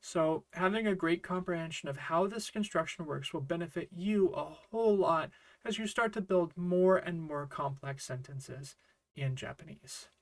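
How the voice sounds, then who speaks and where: A man with a fairly high voice leads a relaxed online Japanese grammar lesson from a home setup. He explains in a friendly, chatty way, dropping in small fillers and side remarks as he goes. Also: moderate pace. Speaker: Japanese language teacher.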